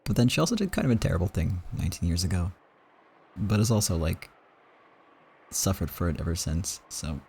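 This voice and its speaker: A man's voice: deep voice, lively intonation, brisk, gravelly, long pauses, darkish tone, slight background noise. A man hosting a game playthrough, talking casually in a rambling, stammering, emotional way. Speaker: let's play host.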